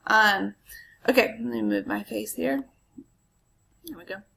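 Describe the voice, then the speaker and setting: A woman's voice: medium pitch, measured pace, creaky, sharp tone, poor audio. A woman history teacher giving a casual recorded lecture, chatty and full of ums, with asides to her students.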